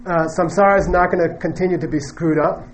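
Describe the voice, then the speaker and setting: A man's voice: on the high side, fairly even intonation, fast, slight background noise, low-quality recording. A man teaching Buddhist philosophy in a lecture, joking and laughing often and ending points with "okay?". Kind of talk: classroom dharma lecture.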